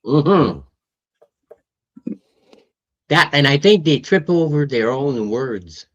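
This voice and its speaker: French Canadian male panelist, animated intonation, blunt and chatty. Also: a little high, takes it slowly, highs cut off. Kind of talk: casual chat.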